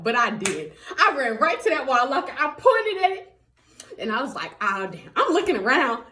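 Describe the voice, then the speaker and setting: A young woman telling a story to her viewers in a casual vlog, animated and laughing often. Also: a little high. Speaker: vlogger.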